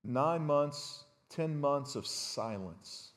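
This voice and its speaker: A man's voice: a little high, expressive, extremely slow. A middle-aged man preaching an expository sermon as a pastor in a conversational way, often restarting words and checking in with the congregation. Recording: long reverb of a large hall.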